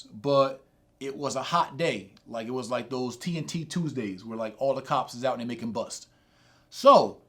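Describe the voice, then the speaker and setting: A middle-aged man telling a streetwise, profane story from his life as a sermon, dropping low and quiet, then rising loud and high.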